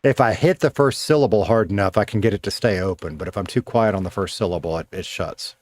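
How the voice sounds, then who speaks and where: Chatting casually with his viewers during a gaming stream, this man talks fast in a low, darkish voice and thinks out loud as he plays. His streaming mic has a noise gate, and slight background noise comes through.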